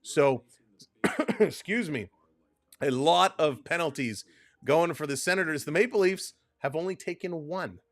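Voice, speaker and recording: A man with a high voice calls the action as a live-stream host in a loose, chatty way. He rattles off play-by-play and breaks off to greet viewers by name. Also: lively intonation. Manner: rapid play-by-play calling of hockey action.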